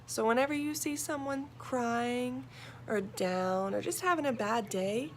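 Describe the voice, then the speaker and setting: A woman reading a children's story aloud and talking gently to young listeners. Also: a little high, a little slow, a little hiss or hum.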